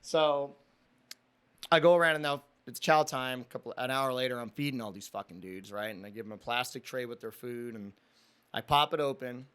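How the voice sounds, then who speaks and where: A man's voice: mid-range voice, a little fast, a bit bright, smooth. A young man, a podcast guest, tells a casual, rambling story full of swearing, often calling the listener "dude". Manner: profane, rambling, says "dude" a lot. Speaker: podcast guest, former prison officer.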